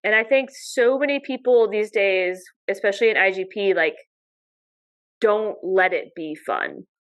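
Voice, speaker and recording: Animated, swearing woman telling stories. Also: mid-range voice, unhurried, rough recording. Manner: animated storyteller, mild swearing. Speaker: podcast guest, dog sport competitor. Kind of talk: casual podcast chat.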